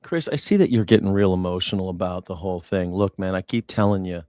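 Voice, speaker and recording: A man's voice: sits low, fast talker, few pauses, dry recording. Sarcastic man hosting a live stream. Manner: sarcastic, mocking, jumps between loud and hushed. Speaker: live-stream news reaction host. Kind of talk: live-stream commentary to chat.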